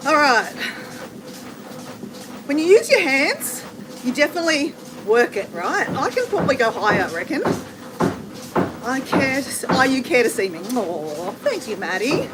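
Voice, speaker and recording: A high-pitched Australian woman, middle-aged, chats with her viewers while walking on a treadmill. She answers their comments in a casual, friendly flow and sounds a little effortful from walking. Background noise sits clearly behind her. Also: very animated, moderate pace, pauses often. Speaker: livestream host. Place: home with renovation banging. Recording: noisy background with banging.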